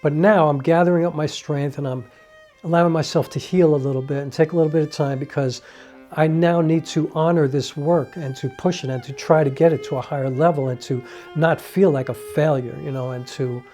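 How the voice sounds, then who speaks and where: Earnest man reflecting, soft-toned voice. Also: fairly high pitch, steady tone, brisk, soft background music. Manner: earnest, heartfelt, with many "you know" fillers; acts out quoted dialogue with raised voice. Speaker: independent filmmaker and playwright. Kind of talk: reflective monologue to camera.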